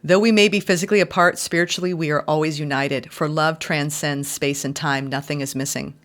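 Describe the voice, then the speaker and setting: A woman giving an intuitive tarot reading, heartfelt and effusive, sometimes reading card meanings aloud in a gentle, spiritual manner. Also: sits low, steady tone, a little fast. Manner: emotional and effusive. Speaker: tarot reader.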